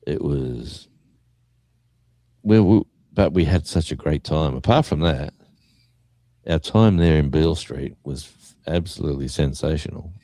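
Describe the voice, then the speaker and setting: Very deep-voiced Australian man. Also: unhurried, long pauses, no echo. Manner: animated storyteller acting out quotes. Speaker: guest musician. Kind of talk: casual anecdote storytelling.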